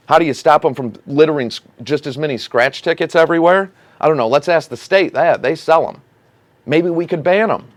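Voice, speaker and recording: Indignant local commentary host, dry sound. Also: male voice, a little high, fairly quick, no echo. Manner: indignant, sarcastic rants about city council. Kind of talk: casual local politics commentary.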